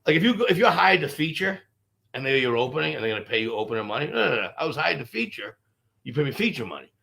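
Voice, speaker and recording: Brief: male comic, rapid-fire, gravelly, swears freely while spinning long stories. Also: fairly high pitch. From Boston. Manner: profane, animated, rambling anecdotes. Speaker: stand-up comedian guest. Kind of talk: casual storytelling interview.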